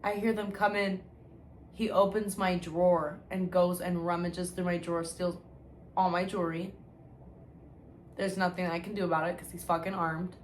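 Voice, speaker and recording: Woman, lowish voice, blunt, heavy swearing, slangy, rambling storytelling, faint background noise. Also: flat delivery, normal speed. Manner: rambling with restarts and frequent "like". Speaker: vlogger sharing her sobriety testimony. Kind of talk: candid personal storytelling.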